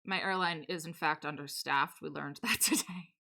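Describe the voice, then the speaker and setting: A woman in her twenties streaming a life-sim game, chatting casually and telling animated stories, laughing often and acting out quoted lines. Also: low voice, moderate pace, creaky. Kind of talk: casual live-stream chat while building. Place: home streaming setup.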